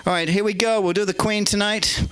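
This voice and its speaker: A man's voice: high-pitched, fairly even intonation, a little fast, fairly bright tone, clean tone. An English man performing a stand-up set on a comedy club stage, rambling and cheeky with playful asides. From England.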